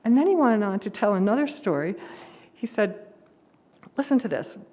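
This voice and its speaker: A woman's voice: medium pitch, very animated, normal speed, warm tone. An older woman giving a storytelling talk at a worship service, chatty with easy humor and frequent laughs. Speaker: lay speaker at a worship service. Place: worship hall. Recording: echoey hall reverb.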